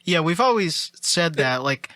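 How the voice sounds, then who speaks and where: A man's voice: a little high, lively intonation, a little slow, sharp tone, no room sound. A young man co-hosting a podcast, blunt and profane in casual chat. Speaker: podcast co-host.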